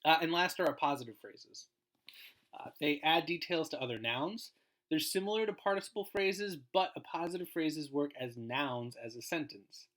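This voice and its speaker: A man's voice: on the high side, animated, normal speed, fairly bright tone. A man giving a recorded grammar lesson as a guest teacher, explaining in an informal way and trailing off at the ends of phrases.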